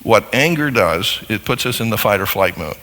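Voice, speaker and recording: A man giving a live teaching talk to an audience in a large hall, animated and acting out little dialogues as he explains. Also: on the low side, normal speed. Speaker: seminar speaker on marriage. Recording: long hall reverb.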